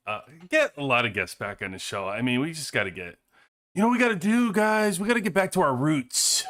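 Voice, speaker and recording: A man's voice: a little high, expressive, fairly quick, a bit bright. A man hosting a casual livestream, greeting chat viewers by name and laughing often. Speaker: livestream host.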